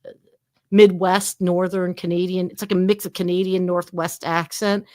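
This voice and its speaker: A woman around forty chatting casually on a livestream, animated and full of fillers. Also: lowish voice, moderate pace.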